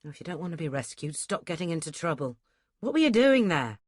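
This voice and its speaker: A woman voicing a stern, gruff young male scholar who talks in curt, scolding lines. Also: deep voice, very animated, a little fast, a little mellow, dry recording, studio quality.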